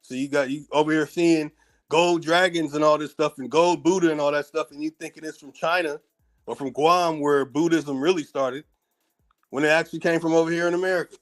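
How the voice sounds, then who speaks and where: A man with a fairly high voice delivers a blunt monologue in informal speech, with profanity. He hammers his point with rhetorical question after rhetorical question, circling back to repeat them for emphasis. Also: fairly even intonation, fairly quick, faint music behind. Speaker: speaker giving a monologue. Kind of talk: heated spoken commentary.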